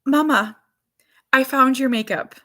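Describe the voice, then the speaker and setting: Stubborn three-year-old girl, as a woman puts her on, high and bright, insistent, matter-of-fact. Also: a little slow. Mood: proud.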